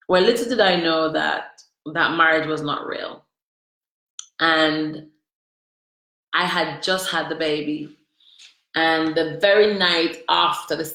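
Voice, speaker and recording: A woman's voice: low-pitched, fairly bright tone. A woman telling her personal story to viewers, candid, emotional and confiding. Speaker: vlogger. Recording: roomy echo.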